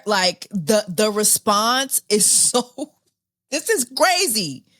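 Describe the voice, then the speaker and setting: A woman's voice: mid-range voice, expressive, extremely slow, a bit bright, dry recording, clean studio sound. A woman in her thirties hosting a podcast, speaking with exasperated disbelief, repeating herself and laughing often. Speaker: podcast host. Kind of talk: casual commentary.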